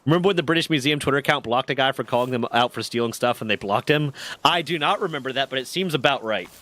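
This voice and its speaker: A man hosting a casual stream, chatting with a co-host and reading chat aloud, joking and rambling with quick asides. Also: medium pitch, sharp tone.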